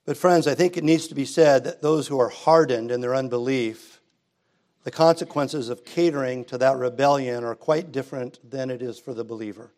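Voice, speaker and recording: A man's voice: mid-range voice, moderate pace, darkish tone. A middle-aged man preaching a sermon in a church, easygoing and conversational, rising to emphatic passages. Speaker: pastor. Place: church sanctuary.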